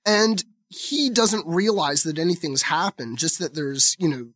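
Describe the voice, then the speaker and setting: Husky-voiced man recapping a comic. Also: a little high, expressive, measured pace, a bit bright, dry recording, studio quality. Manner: chatty, recaps the plot with many fillers. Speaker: podcast host. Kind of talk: casual comic book discussion.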